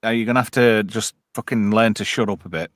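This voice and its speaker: A man's voice: lowish voice, quick pace, fairly bright tone, dry recording, clean studio sound. A man hosting a casual podcast chat, ranting bluntly and swearing a lot. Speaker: host.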